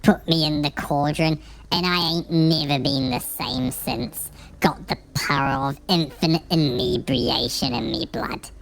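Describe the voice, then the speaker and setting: A gravelly old village drunk, as a man puts him on, rambling in a slow, folksy drawl. The voice sits higher than the performer's own and crawls along at a sluggish pace, thick with rustic turns of phrase. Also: animated, fairly bright tone, full character voice, rough recording.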